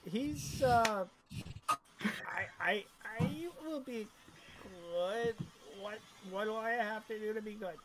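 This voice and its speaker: A man's voice: high voice, takes it slowly, background noise, pitched above the performer's own voice. A man voicing a cowed male goblin captive who stammers and whines, playing a tabletop game. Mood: meek. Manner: stammering, whining.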